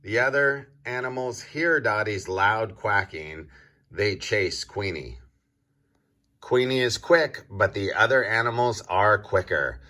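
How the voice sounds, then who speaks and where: A man reading a picture book aloud to young children, slow and deliberate, pausing to quiz his listeners. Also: on the low side, expressive, pushed and bright. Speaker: children's story reader. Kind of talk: read-aloud storybook for kids.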